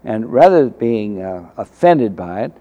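An older man, a former navy officer, telling faith stories from his service in a halting way, full of restarts and fillers. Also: fairly low pitch, sing-song, warm tone, dull audio. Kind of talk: casual storytelling testimony.

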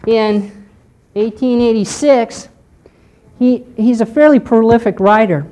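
A woman teaching a history lesson to a class, explaining step by step and often pausing to check in with "okay". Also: fairly high pitch, dark tone. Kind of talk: lecture on church history.

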